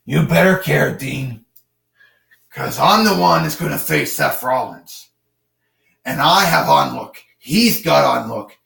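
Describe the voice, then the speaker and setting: A brooding masked hero growls in a hoarse, gravelly rasp, as a man puts him on. He speaks in a cold, stern tone, and he sounds set back from the mic in a roomy space that carries echo. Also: a little high, expressive, slow, a bit bright, recorded from a distance, full character voice. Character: brooding male superhero with a gravelly voice.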